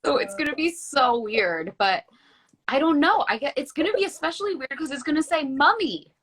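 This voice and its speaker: A woman's voice: high-pitched, expressive, a little fast, fairly bright tone. A woman from the United States, a guest in a casual chat, chatty and leaning on "like" a lot. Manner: chatty, leans heavily on "like".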